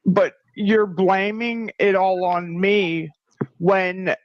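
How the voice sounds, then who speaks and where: A woman's voice: medium pitch, steady tone, drawn-out words, dry recording, lo-fi sound. A mother defending herself in a heated family argument.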